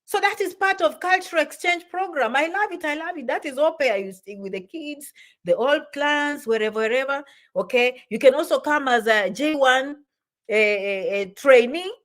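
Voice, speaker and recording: A woman talks straight to her viewers in a casual explainer style. She is animated and repeats herself, checking in with "okay?" and "you understand?" as she goes. Her voice sits a little high for a woman. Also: normal speed. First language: not English. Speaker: immigration advice vlogger.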